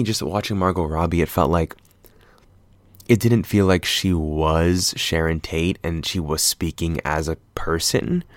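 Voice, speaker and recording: A man's voice: sits low, no echo. A young adult man talking casually about films in a loose, profane, rambling way. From half Filipino, US-based. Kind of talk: casual film commentary.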